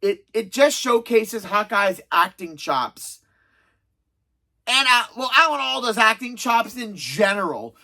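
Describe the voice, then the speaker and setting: A chatty reviewer in their thirties with a bright, forceful voice, counting down favourite episodes. The talk wanders and restarts, with a dry, sarcastic edge throughout. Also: medium pitch, big pitch swings, unhurried. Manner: chatty, self-described sarcastic, rambling with restarts. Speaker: video reviewer. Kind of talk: casual spoken episode countdown.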